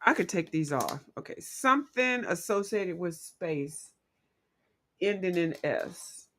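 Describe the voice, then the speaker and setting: A woman hosting a casual livestream, chatting playfully with viewers and quick to laugh. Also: fairly low pitch, animated, a bit bright, a little hiss or hum. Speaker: livestream host.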